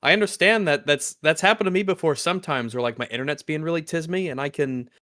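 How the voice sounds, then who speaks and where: A man's voice: on the high side, quick pace, sharp tone, no room sound, studio quality. A man chatting casually on a livestream, rambling with lots of "like" and false starts. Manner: rambling, full of "like" and restarts. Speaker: co-host, tabletop player.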